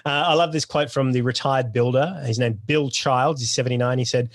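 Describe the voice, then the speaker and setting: A man hosting a comedy podcast, delivering sardonic jokes and a mock-excited rant. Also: mid-range voice, normal speed, husky, no room sound, clean studio sound. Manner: sardonic, jokey. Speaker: podcast host. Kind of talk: comic topical rant.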